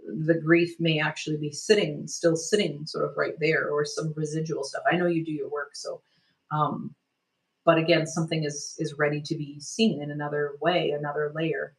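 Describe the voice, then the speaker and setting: A woman energy healer guiding a healing session, speaking gently and soothingly, meandering with many "like"s and "sort of"s. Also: deep voice, little pitch movement, moderate pace, poor audio.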